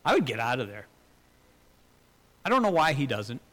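A man preaching a sermon in an earnest way, asking rhetorical questions, swelling louder and then dropping low. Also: very animated, normal speed. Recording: long hall reverb.

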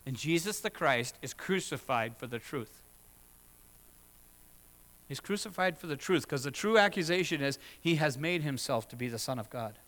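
A man's voice: fairly high pitch, expressive, normal speed, bright, forceful tone, big-room sound. A man pastor preaching a sermon in a church, asking his listeners rhetorical questions and building to emphatic passages.

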